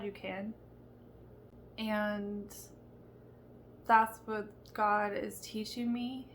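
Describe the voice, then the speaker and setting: A woman's voice: medium pitch, a little hiss or hum. A young woman talking candidly and earnestly about her faith in a personal video. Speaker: Christian vlogger. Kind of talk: faith-based personal talk to camera.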